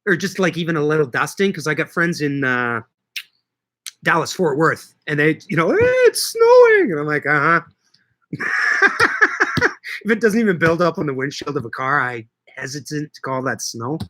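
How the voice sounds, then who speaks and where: A man's voice: fairly high pitch, sing-song, moderate pace, pushed and bright. A middle-aged man from Canada, hosting a casual livestream and chatting with viewers, joking and swearing casually. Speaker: livestream host and market grower. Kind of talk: casual livestream chat answering viewer comments.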